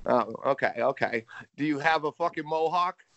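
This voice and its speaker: A man's voice: fairly high pitch, moderate pace, vocal fry, a bit bright. An American man on a phone call, wisecracking and swearing freely in casual chat. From United States. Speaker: phone guest. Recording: dull phone-call audio.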